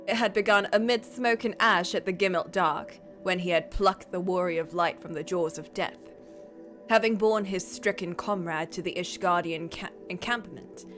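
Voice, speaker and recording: A woman's voice: lowish voice, fairly bright tone. A woman streamer reading a story aloud in a casual way, with playful, chatty asides.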